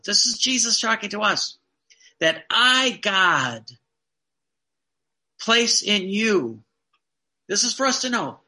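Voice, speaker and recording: Guy preaching a sermon, high bright voice, slow emphatic bits. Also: very animated. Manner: earnest, emphatic preaching with slow stressed phrases.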